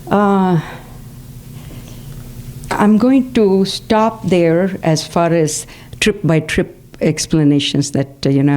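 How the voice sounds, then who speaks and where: An older woman tells personal stories to a spiritual group in a community hall, often pausing with fillers and checking in with "okay?". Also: deep voice, dark tone. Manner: anecdotal, frequent fillers and "okay?" check-ins. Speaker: devotional speaker.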